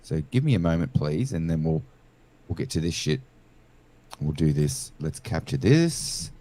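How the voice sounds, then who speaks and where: A man's voice: very deep voice, sing-song, unhurried, dark tone. A man hosting a live call-in show, joking crudely, swearing freely and singing along to a song. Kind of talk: casual live-stream banter and karaoke singing.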